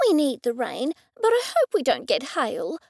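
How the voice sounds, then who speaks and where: A woman voicing a sincere, eccentric hostess who speaks gently and earnestly. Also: high-pitched, wildly swooping pitch, normal speed, gravelly, slightly rough, no room sound, heavily acted. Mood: consoling. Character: sincere, soothing eccentric woman hosting a dinner.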